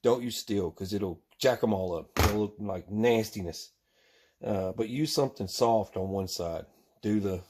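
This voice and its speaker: Working at his bench on knife gear, a thirty-something channel host rambles casually to viewers and chuckles to himself as he goes. He has a fairly low voice and a moderate pace, and the background is noisy.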